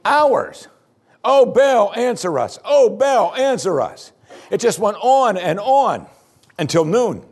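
Guy preaching a sermon, lively voice all over the place pitch-wise, acts stuff out, a bit funny. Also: slightly rough. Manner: animated, acts out the chanting with raised pitch and volume, dry humor. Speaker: pastor.

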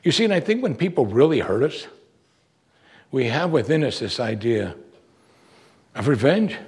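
A man's voice: big pitch swings, normal speed, darkish tone. Earnest male preacher with rising emphasis. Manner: earnest, emphatic, with rising pitch on key words. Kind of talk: sermon.

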